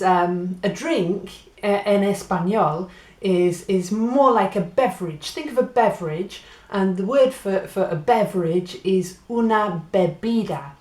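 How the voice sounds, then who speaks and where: A woman's voice: mid-range voice, a little mellow, reverberant. A woman from Great Britain giving a patient spoken language lesson, spelling out and repeating words. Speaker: Spanish teacher.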